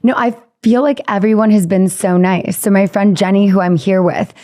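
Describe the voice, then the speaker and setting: Woman guest, mid pitch, chatty storyteller. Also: steady tone, moderate pace, warm tone. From United States. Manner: chatty storyteller, acts out quotes. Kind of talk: casual chat.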